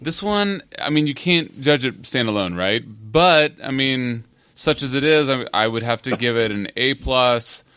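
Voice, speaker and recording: Smooth-voiced enthusiastic man. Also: medium pitch, lively intonation, unhurried, fairly bright tone, no echo. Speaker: podcast co-host. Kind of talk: casual chat.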